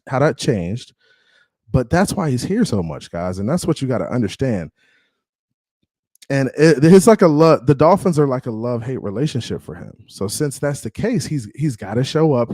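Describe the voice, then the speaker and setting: An animated man hosts a live sports stream, his pitch leaping all over as he hypes the chat and razzes rival fans. The sound is dry and close, with no room around it. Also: no echo. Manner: animated, trash-talking, shouting out viewers. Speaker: livestream sports show host. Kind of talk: casual live-stream banter.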